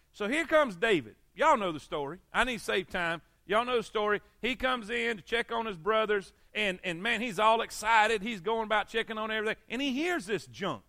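A preacher man with a high, ringing voice leads an evening church sermon. He talks in a folksy, repetitive way and keeps calling for amens. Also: sharp tone, dry recording, studio quality. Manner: folksy, repeats phrases, calls for amens. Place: church service.

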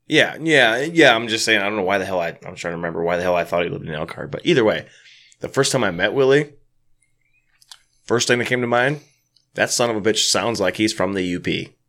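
A man with a low but bright, forceful voice that swings all over as he jokes. He's a podcast co-host in loose casual chat, sipping whiskey and swearing freely. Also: fairly quick. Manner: animated, joking, swears freely. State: drinking whiskey.

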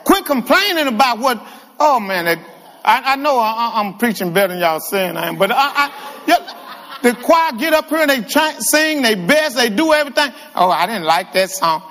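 High-voiced, animated male preacher. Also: normal speed. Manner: animated, humorous, calls out to the congregation. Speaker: guest preacher. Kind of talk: lively church sermon. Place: church sanctuary with reverb. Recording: long hall reverb in church.

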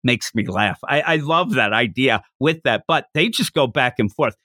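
A man co-hosting a casual manga discussion podcast, talking animatedly and acting out character lines in quick put-on voices. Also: medium pitch, animated, sharp tone, no room sound, clean studio sound. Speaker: podcast co-host.

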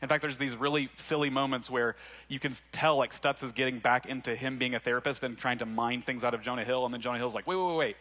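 A man's voice: mid-range voice, flat delivery, fast talker, bright, forceful tone, dull audio. A young man from Arkansas, preaching a sermon in a casual, conversational way with laughing asides. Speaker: pastor.

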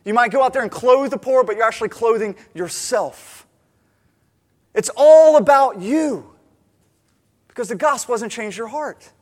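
Animated high-voiced male pastor preaching. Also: fairly quick, few pauses. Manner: animated storytelling, acting out characters' lines. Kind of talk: sermon.

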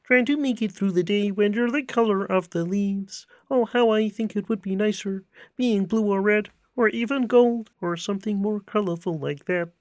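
A man voicing a cheerful, earnest male frog puppet in a high, drawn-out sing-song. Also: darkish tone, no echo, close to an everyday voice. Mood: wistful.

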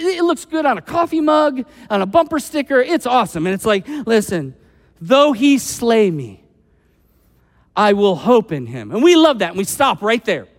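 A man delivers a sermon from the pulpit, his voice pitched high and light. He talks casually, sprinkling in asides and bringing quoted people to life. The big room carries a long, lingering reverb after each phrase. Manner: animated, acts out quoted voices; conversational, with frequent "like" asides. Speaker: pastor.

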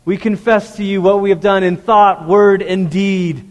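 A man's voice: high-pitched, fairly even intonation, normal speed. A male pastor preaching a sermon to a congregation in a church, speaking earnestly and conversationally, often asking the listeners direct questions. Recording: long reverb of a large hall.

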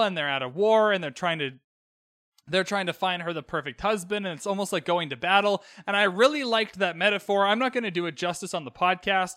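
Here a young Canadian podcast host recaps a show alone, cheeky and talkative, dropping quick quoted asides. His voice is high-pitched and sharp-toned, captured in studio quality without echo.

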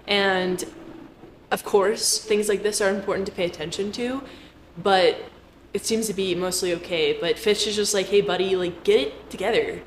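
A woman talks to her viewers in a relaxed, chatty way, slipping playful jokes into her explanations. Her voice sits at an ordinary middle pitch. The room gives it a noticeable echo, with faint noise underneath. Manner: chatty and jokey, with playful asides. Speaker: finance commentator. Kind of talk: casual explainer talk to camera.

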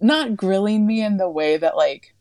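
A young woman co-hosting a podcast, telling a story in a chatty, animated way, filled with "like.". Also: mid-range voice, moderate pace, no room sound, clean studio sound. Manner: chatty, animated, heavy use of "like". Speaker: podcast co-host. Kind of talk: casual storytelling chat.

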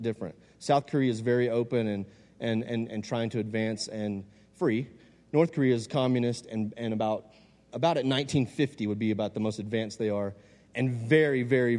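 A man from Louisiana, telling a funny story to an audience from the stage and acting out the voices. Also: mid-range voice. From Louisiana, USA. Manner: animated, joking, acts out quoted voices. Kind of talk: humorous storytelling talk to an audience. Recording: long hall reverb.

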